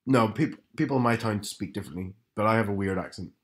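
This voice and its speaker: A young man with a soft rural Northern Irish accent, co-hosting a casual podcast and chatting with a friend. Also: on the low side, fast talker. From Northern Ireland. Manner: chatty, retells sketches with put-on voices. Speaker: podcast co-host. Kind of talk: casual chat.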